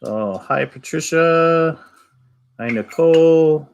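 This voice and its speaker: A man from the United States co-hosting a live stream, reading viewer comments in a dry, low-key way. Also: slow pace, vocal fry, dull audio, slight background noise. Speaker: co-host reading chat comments.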